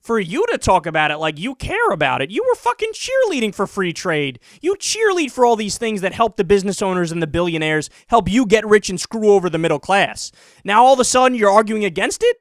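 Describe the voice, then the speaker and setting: Man, political commentator, high voice, sarcastic, profane, dry close sound. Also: sing-song, fairly quick, no room sound. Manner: sarcastic, mocking, profane rant.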